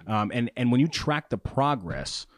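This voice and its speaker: A man co-hosting a casual podcast, telling stories with lively put-on voices for the people he quotes. His voice sits in a middle register and comes through a dry, close mic with no room sound. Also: mid-range voice, moderate pace, no room sound. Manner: animated storyteller, acts out quoted voices. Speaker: podcast co-host. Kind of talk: casual chat.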